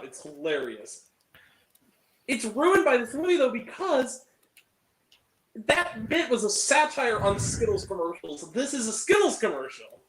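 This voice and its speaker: A man's voice: high voice, echoey room, rough recording. A man hosting a movie review, ranting animatedly and swearing freely in casual chat.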